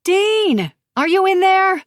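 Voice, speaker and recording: A woman's voice: on the high side, animated, moderate pace, no room sound, clean studio sound, pitched above the performer's own voice, lightly acted. Woman voicing a desperate, insistent young wife. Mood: urgent. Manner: urgent, insistent, shaken. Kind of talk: audiobook character voice.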